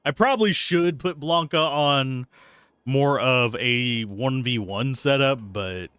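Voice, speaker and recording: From his desk at home, a man livestreams a video game, rambling casually through his commentary and swearing now and then when something annoys him. His mid-range voice is smooth and fairly bright, and he takes it slowly. The audio is close-miked with earbuds at a PC, with no room sound.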